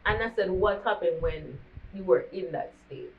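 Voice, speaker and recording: A woman's voice: on the low side, normal speed, a little hiss or hum. A young woman with a Jamaican accent telling a candid storytime vlog, slipping into patois as she talks. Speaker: vlogger. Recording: dull lo-fi recording.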